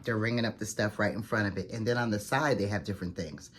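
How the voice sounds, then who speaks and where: A woman vlogger telling a story to the camera in a chatty, fast, animated way, full of "like"s and acted-out quotes. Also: very deep voice, a little hiss or hum. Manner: chatty, fast-talking, animated retelling with many "like"s.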